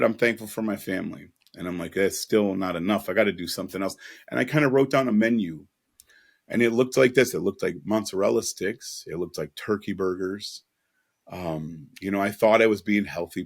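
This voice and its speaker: A man's voice: lowish voice, creaky. A man telling an earnest, emotional personal story as a podcast guest, with casual asides.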